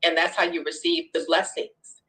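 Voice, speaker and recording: A woman's voice: on the low side, little pitch movement, moderate pace, fairly bright tone, low-quality recording. A woman hosting a tarot chat, speaking in an upbeat, encouraging, preacherly way. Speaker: tarot reader host. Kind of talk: casual spiritual chat.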